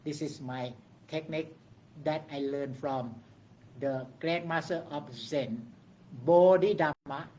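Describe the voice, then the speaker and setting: A man teaching meditation to a group in a room, speaking in simple, halting English and often stopping to ask "okay?". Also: a little high, darkish tone, a little hiss or hum.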